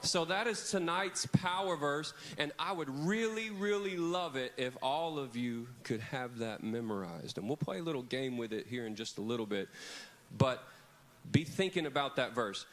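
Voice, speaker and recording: A man's voice: medium pitch, lively intonation, normal speed. A man preaching a children's camp sermon in a church hall, leading kids in call-and-response on a handheld mic. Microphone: handheld microphone.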